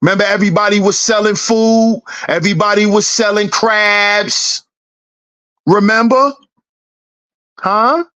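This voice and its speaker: A woman's voice: fairly even intonation, a bit bright. A woman hosting her own channel, mocking her listeners in a rhetorical rant and repeating her questions in a teasing, sing-song way. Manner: swings in pitch, drawn-out words. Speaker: channel host.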